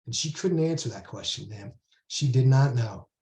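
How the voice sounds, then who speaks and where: A man's voice: mid-range voice, lively intonation, normal speed, a little mellow, echoey room. A man, the author, reading aloud a rambling first-person monologue from his book, full of conversational asides.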